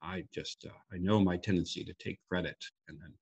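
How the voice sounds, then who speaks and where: A man with a very low voice speaks earnestly about faith, quoting scripture and often restarting his sentences. His voice is gravelly and husky. The sound is a little dull, as if it comes over a call. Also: steady tone, fairly quick. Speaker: guest speaker sharing a devotional. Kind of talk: reflective faith talk. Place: group call.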